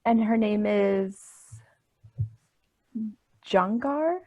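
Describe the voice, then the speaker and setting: A woman's voice: mid-range voice, extremely slow, muffled recording. A woman playing a tabletop game, unsure and apologetic about her character. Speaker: player. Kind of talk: casual tabletop game play.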